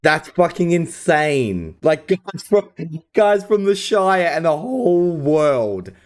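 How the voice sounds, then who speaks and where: Excitable high-voiced man reacting to a film. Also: takes it slowly. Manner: excitable, swears often, bursts of laughter and shouting. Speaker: reaction video host. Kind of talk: excited movie reaction commentary. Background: film soundtrack music playing.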